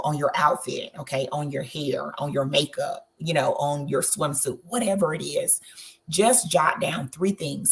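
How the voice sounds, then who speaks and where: A woman's voice: sits low, creaky. A woman from Southern Georgia with a Southern country accent, giving travel tips in an encouraging webinar talk and checking in often. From Southern Georgia, USA. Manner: encouraging, checks in with "okay?" again and again. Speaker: travel host.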